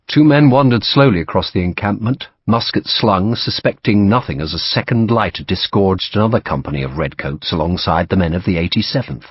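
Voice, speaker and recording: A man narrates an audiobook with a low, husky voice and lively intonation. His delivery is measured and vivid. The recording is dry and slightly dull. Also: dry recording. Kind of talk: scripted narration.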